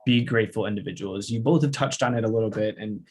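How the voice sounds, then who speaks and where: A young man hosting a podcast interview, chatty and relaxed, laughing often. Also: on the low side, fast. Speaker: podcast host. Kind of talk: casual interview chat.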